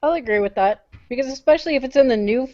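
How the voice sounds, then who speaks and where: A chatty, amused woman on a podcast, swearing now and then. Her voice is quite high. The recording sounds dull and lo-fi. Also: very fast, a little mellow. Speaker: podcast co-host. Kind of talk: casual chat.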